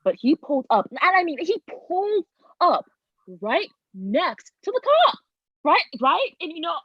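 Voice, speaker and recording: A woman telling a personal story in a casual, animated way, with many fillers. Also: very high-pitched, measured pace, dry recording. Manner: animated, lively retelling with frequent fillers. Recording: dull, dry, lo-fi sound.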